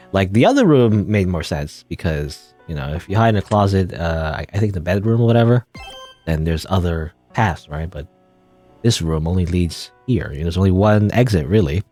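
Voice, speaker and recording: A man's voice: low-pitched, expressive, normal speed, warm tone, faint music behind. A man giving casual gameplay commentary, rambling and chuckling as he thinks aloud. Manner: rambling, chuckling, self-interrupting. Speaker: let's play gamer.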